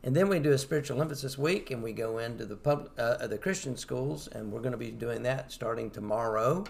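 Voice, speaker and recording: A man's voice: mid-range voice, a little fast, vocal fry. A middle-aged man who travels in ministry, chatting plainly as a podcast guest. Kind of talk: casual podcast chat.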